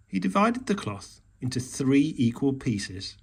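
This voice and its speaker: Gravelly, slow male storyteller. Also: mid-range voice. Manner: slow, expressive reading. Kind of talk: children's storybook reading.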